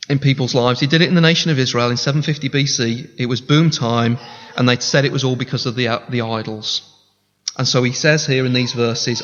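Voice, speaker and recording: A man's voice: medium pitch, a little fast, a bit bright. A man preaching a sermon as pastor, speaking earnestly and conversationally and appealing directly to his congregation. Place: church sanctuary. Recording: reverberant hall, dull lo-fi sound.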